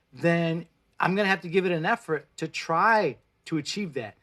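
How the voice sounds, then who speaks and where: Speaking at a normal speed in a fairly bright, highish voice, a Spanish-speaking vlogger from Mexico in his forties hands out pep-talk advice on an indoor livestream. He's a plant-based food creator, blunt and free with swear words in casual chat.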